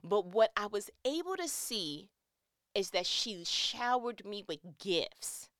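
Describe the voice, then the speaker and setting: Woman vlogger, candid storyteller, smooth voice, dry close sound. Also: medium pitch, slow pace, no room sound. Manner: candid, conversational, expressive storytelling. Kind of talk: personal reflective monologue.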